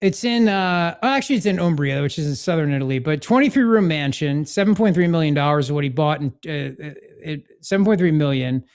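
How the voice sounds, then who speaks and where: A man's voice: on the high side, expressive, fast, few pauses, darkish tone, clean tone. A man hosting a political talk show, sarcastic and mocking in tone. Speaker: podcast host.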